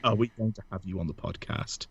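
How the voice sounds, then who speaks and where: A man's voice: low-pitched, fast talker, gravelly, a crowd in the background. A man co-hosting a casual podcast, joking, self-mocking and laughing often. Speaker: podcast co-host. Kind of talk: casual chat.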